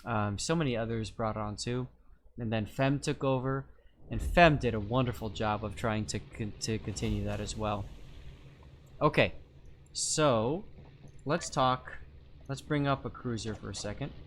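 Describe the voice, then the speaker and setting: A male streamer speaks at an ordinary, middle pitch, easygoing and talkative as he answers chat and explains game mechanics. He thinks aloud through calculations, correcting himself as he goes. A soft layer of background noise sits under his voice. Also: unhurried. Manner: chatty, explains step by step, reads chat aloud. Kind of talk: live-stream game commentary.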